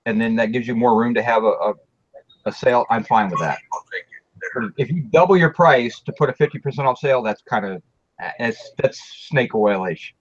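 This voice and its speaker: Halting man on a dull, dry line. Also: medium pitch, dry recording. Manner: halting, repeats words while explaining. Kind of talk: casual chat.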